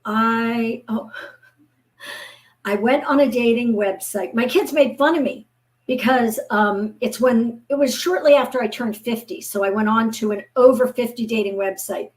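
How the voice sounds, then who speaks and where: A woman in her fifties, a guest author, chatting casually and telling lively stories, acting out the voices of people she quotes. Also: on the high side, normal speed. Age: 50s. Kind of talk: casual chat.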